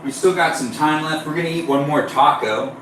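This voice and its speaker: A man's voice: fairly high pitch, a little fast, a bit bright, heavy reverb, recorded from a distance, a little hiss or hum, poor audio. A man chatting casually with viewers on a live stream while baking, playful and rambling as he reads the chat aloud.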